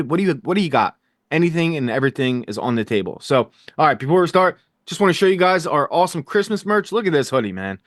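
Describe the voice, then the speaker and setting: A man's voice: mid-range voice, no echo, clean studio sound. Upbeat man hosting a TV recap. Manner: energetic, jokey, fast asides. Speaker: podcast host. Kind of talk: casual TV recap chat.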